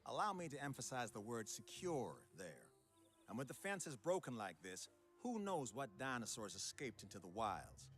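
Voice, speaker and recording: A man's voice: medium pitch, huge pitch swings, normal speed, fairly bright tone, faint music behind. An actor playing a cautious, security-minded male advisor in a video game, speaking sternly. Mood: wary.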